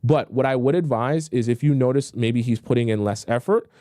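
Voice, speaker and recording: This young host of a live-stream dating advice show answers viewer questions bluntly and repetitively in a conversational tone, putting on mocking pleading voices. His medium-pitched, dark voice runs a little fast over clean, dry studio sound.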